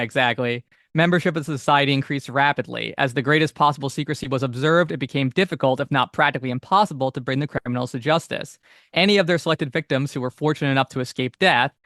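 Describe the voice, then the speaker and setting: Male podcast co-host, mid pitch, close and dry mic, reads text aloud then chats loosely. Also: a bit bright, no echo. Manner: reads old text steadily, chats with many fillers. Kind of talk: casual chat, reading passages aloud.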